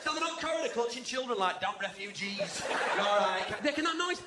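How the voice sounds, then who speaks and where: Brief: Northern English stand-up in his forties, chatty mimic; live arena, loud laughter and noise behind. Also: high-pitched, animated, a little fast. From England. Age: 40s. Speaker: stand-up comedian. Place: large arena stage. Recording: echoey arena, roaring crowd.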